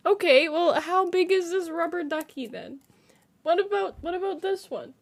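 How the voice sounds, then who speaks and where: A woman's voice: extremely high pitch, animated, normal speed, vocal fry. A woman game streamer in casual live-stream chat, reading viewer comments aloud and laughing to tears, giggling constantly through her words. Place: home streaming setup.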